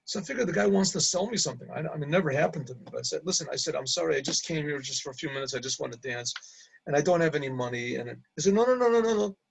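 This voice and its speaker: A middle-aged man, a rabbi, casually telling an anecdote, halting and repeating words and laughing at his own story. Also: on the high side, creaky, slightly rough, rough recording.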